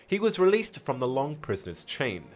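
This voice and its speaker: A man's voice: mid-range voice, big pitch swings, moderate pace. A man reading a fantasy story aloud on a live stream, often stumbling and rereading with chatty asides.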